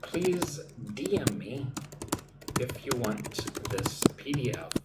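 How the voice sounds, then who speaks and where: An American man teaching business English on a live stream, speaking slowly and clearly and often checking in with "right?". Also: medium pitch, sing-song, roomy sound, very noisy. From United States.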